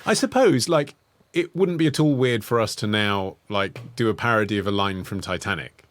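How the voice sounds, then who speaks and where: A man's voice: fairly low pitch, normal speed, fairly bright tone, no echo. A man co-hosting a casual history podcast, asking questions and sounding indignant. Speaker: podcast co-host.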